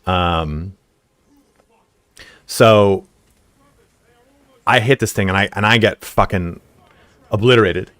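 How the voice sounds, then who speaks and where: A man's voice: on the low side, takes it slowly, long pauses, fairly bright tone, dry recording. A man streaming a game live, telling a rambling story full of fillers, swearing and laughs. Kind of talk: casual storytelling while gaming live.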